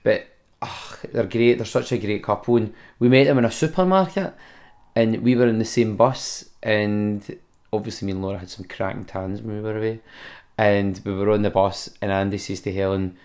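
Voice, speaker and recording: Gravelly Scottish man telling stories. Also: fairly low pitch, moderate pace. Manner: animated storyteller, swears freely. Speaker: podcast host. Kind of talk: casual storytelling chat.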